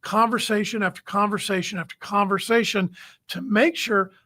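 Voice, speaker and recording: Speaking straight to the camera in a webcast, a recruiting-show host runs through numbered coaching tips in a firm, plain-spoken manner. His voice is high-pitched and sharp, with fairly even intonation at a moderate pace.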